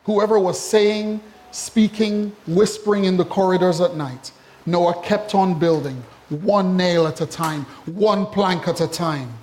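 Man preaching, high voice, lively, joking asides. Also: a little slow. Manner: animated, humorous preaching with asides and acted-out quotes. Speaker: pastor. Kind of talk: sermon.

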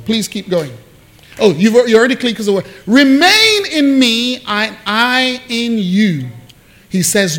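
High-voiced pastor preaching conversationally. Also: male voice. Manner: conversational, joking with the congregation; repeats and restarts while searching for words. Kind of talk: sermon.

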